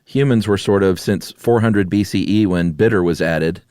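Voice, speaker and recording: A man co-hosts a podcast in relaxed conversation, easygoing and drawling, with plenty of "uh" fillers. His voice sits low for a man. The recording is dry and close-miked. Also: normal speed, smooth, no echo. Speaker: podcast co-host. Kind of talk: casual chat.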